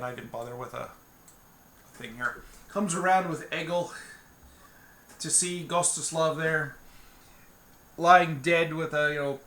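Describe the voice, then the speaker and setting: Slow, bright-voiced man narrating a solo game. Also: fairly high pitch. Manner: loose and rambling, with many restarts and fillers. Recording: roomy echo.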